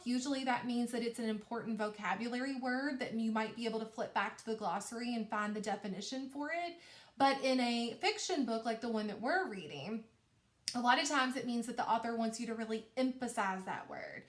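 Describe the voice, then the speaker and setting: A woman teacher giving a recorded reading lesson to young children, talking slowly and encouragingly. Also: on the high side. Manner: slow, patient, encouraging teacher talk. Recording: echoey room.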